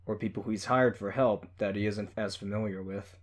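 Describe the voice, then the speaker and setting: A man's voice: lowish voice, fairly even intonation, brisk, lightly acted. A man voicing an analytical, matter-of-fact young male hero.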